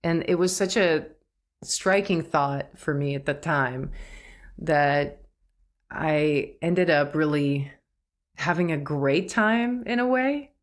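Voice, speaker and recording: A woman hosting a solo podcast, talking reflectively, laughing at herself and acting out quoted thoughts. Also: low voice. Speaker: podcast host.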